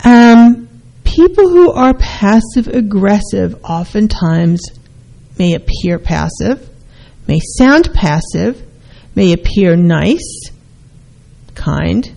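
A woman's voice: mid-range voice, very animated, slow, gravelly, long pauses, dark tone, poor audio. A middle-aged woman, a counselor, hosting a talk show and explaining behaviors, now and then acting out short quoted exchanges.

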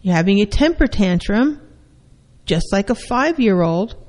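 A therapist giving an explanatory talk in a measured way, with pauses and restarts. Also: mid-range voice, lively intonation, a little mellow, in a large hall. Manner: measured, with frequent fillers and restarts.

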